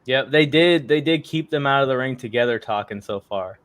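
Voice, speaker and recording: A man's voice: medium pitch, a little fast, a bit bright. A man chatting casually on a sports round table, easygoing and agreeable.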